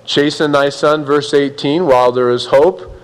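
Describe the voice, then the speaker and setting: A man's voice: fairly high pitch, steady tone, moderate pace, clean tone, long reverb tail, rough recording. A man preaching a sermon in a conversational, folksy way, acting out little quotes as he goes. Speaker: pastor.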